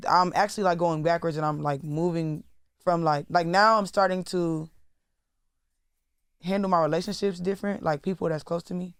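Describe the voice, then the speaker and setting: A young woman talks in a blunt, profane, rambling way full of fillers. Her voice is smooth and clear, recorded dry and close on a studio mic. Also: on the low side, steady tone, normal speed, no room sound. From Atlanta. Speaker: rapper guest. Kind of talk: candid interview talk.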